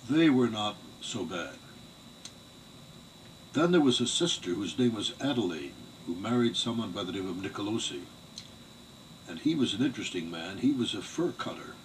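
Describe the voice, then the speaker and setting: Older man, deep voice, measured storytelling. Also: very animated. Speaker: interviewee recounting family history. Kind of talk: oral history reminiscence. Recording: distant mic with faint background noise.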